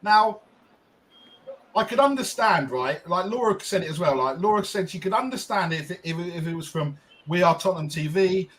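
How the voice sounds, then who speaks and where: A man's voice: high-pitched, expressive, moderate pace, fairly bright tone, low-quality recording. A man co-hosting a podcast, telling a long casual story with lots of ums and restarts. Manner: rambling, frequent ums and restarts. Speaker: podcast co-host.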